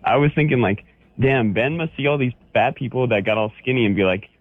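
A man's voice: medium pitch, a little fast. A man in his sixties from Orange County, calling into a radio show and playfully ribbing the host. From Orange County, California. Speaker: caller. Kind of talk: casual call-in radio banter. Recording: tinny dry phone line.

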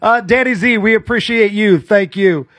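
A man's voice: high voice, moderate pace, a bit bright. A man co-hosting a sports talk radio show in a radio studio, hyped and enthusiastic.

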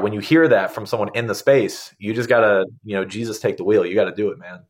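A man in his thirties, a guest telling his story in a relaxed, conversational way and often saying "man". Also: lowish voice, fast, few pauses. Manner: laid-back, conversational, says "man" often. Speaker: interview guest. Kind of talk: casual storytelling interview.

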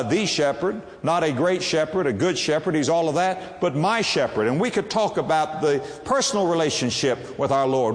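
Preacher with lively, swooping delivery. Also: male voice, fairly high pitch. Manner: emphatic, drawn-out stresses on single words. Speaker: pastor. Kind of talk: sermon. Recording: echoey hall with long reverb.

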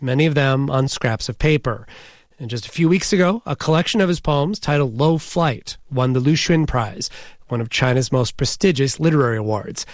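A male news host interviewing a guest in a measured, conversational way. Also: medium pitch, dry recording, studio quality.

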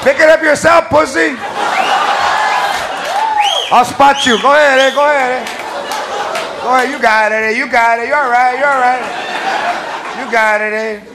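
A man voicing a brash male hardware store worker who loudly coaxes and teases a customer, recorded live in a noisy club. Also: very high-pitched, fairly even intonation, moderate pace, pauses often. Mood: coaxing. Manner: loud, teasing, coaxing. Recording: live club with crowd and noise.

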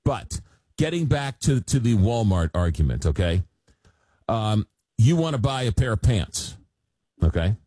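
A man hosts a call-in radio show late at night. His voice sits a little low and has a warm, mellow tone. He talks in halting bursts full of fillers and restarts. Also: big pitch swings, husky, no room sound. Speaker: radio talk show host.

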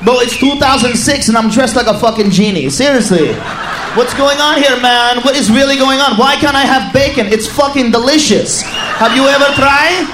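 A man doing a loud, profane stand-up comedy set, often shouting and laughing. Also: very high voice, normal speed. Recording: live club recording with crowd noise. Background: audience noise.

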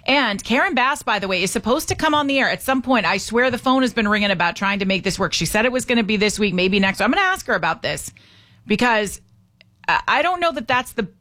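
A woman hosting a talk radio show, opinionated and animated, with sarcastic asides. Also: on the high side, fast talker. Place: radio studio.

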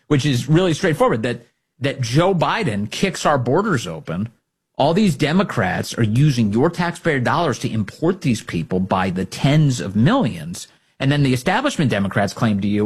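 A male talk host delivering political commentary with a sarcastic edge. His pitch swings widely as he gets worked up, and his voice has a husky grain. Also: normal speed. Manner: animated, sarcastic, mocking impressions.

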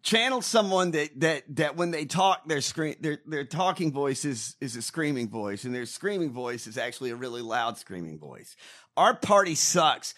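A man hosting a podcast, ranting loudly and profanely, often breaking into shouts. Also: medium pitch, animated, moderate pace, hardly any pauses. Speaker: podcast host. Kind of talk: profane political rant.

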